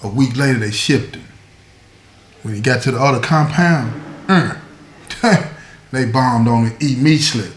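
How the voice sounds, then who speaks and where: A man hosting his own show, telling a prison story in a lively way and acting out the voices of the people in it. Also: medium pitch, normal speed, pauses often, roomy sound. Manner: animated, acts out quoted voices. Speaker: host.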